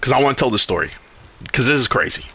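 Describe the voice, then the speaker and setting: Telling a story in casual conversation, this male streamer talks fast in a husky, mid-range voice. He rambles animatedly, curses frequently, and often starts his sentences over.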